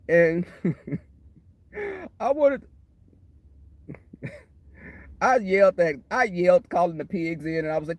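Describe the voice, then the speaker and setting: On a dry recording, a livestream host with a notably high-pitched male voice talks straight to his chat from his phone as he waits for a shuttle, outdoors or in transit. His loose, rambling tales are lively and broken up by frequent laughter.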